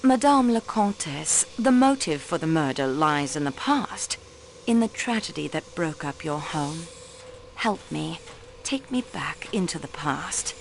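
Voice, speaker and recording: Deep and animated, with a little slowness, vocal fry and slight background noise, this young woman's performance is heavily acted. For a mystery video game she voices a railway clerk acting as amateur detective, a sharp, cool, poised and persistent young sleuth. The mood is probing, and she drops French phrases into her lines.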